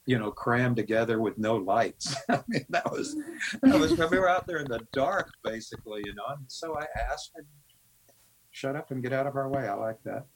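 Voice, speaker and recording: A man's voice: medium pitch, sing-song, normal speed, crowd noise, poor audio. An older man from the American Midwest, a guest musician rambling through anecdotes full of quoted dialogue. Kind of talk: storytelling interview.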